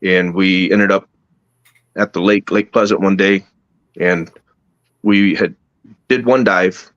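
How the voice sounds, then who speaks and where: A man telling a personal story at a slow, halting pace, with many restarts. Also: low voice, fairly even intonation, fairly bright tone, no room sound, lo-fi sound. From United States. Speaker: podcast guest. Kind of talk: casual storytelling.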